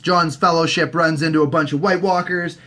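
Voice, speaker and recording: A young man, recapping a TV season in a casual, profane, jokey way and slipping into quick silly character voices. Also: a little high, fairly even intonation, bright, forceful tone. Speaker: recap host.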